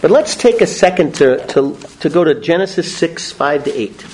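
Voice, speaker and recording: A man giving a parish Bible study talk, animated and joking, acting out little voices in his stories. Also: fairly high pitch, normal speed, echoey room, slight background noise. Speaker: parish teacher. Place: parish hall or church.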